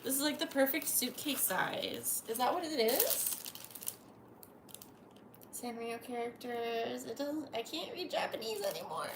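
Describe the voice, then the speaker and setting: A young woman with a high, lively voice, unhurried and gushing, chatting casually on a live stream at home. Her gasps and soft squeals come through a noisy home recording. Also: echoey room. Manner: gushing, gasping, breathy squeals of delight. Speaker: livestreamer. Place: home at night.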